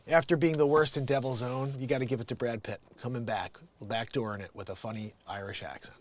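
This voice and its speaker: A man's voice: mid-range voice, animated, fast talker. A man hosting an improvised comedy show, reading the news and breaking off into jokey, rambling asides.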